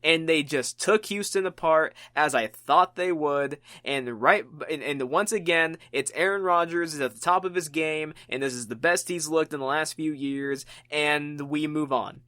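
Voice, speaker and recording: A man hosting a solo football podcast, giving opinionated commentary with animated delivery and frequent restarts. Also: on the high side, moderate pace, few pauses, dry recording, clean studio sound. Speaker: podcast host.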